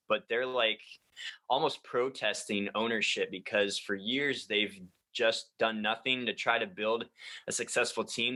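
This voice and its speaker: A man co-hosting a sports podcast, explaining in a measured, casual way. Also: fairly low pitch, sharp tone. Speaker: podcast co-host.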